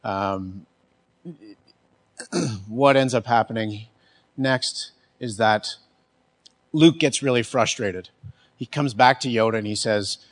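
A man's voice: medium pitch, a little slow, pauses often. A man giving a casual talk on accessibility, conversational, often restarting and checking in with the listeners. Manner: conversational, restarts, keeps asking "right?". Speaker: speaker on accessibility.

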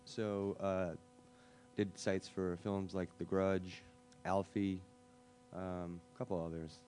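Low-pitched male panelist, casual and chatty with faint background music. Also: little pitch movement, mellow. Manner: chatty, filler-heavy, quick asides. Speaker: web design panelist.

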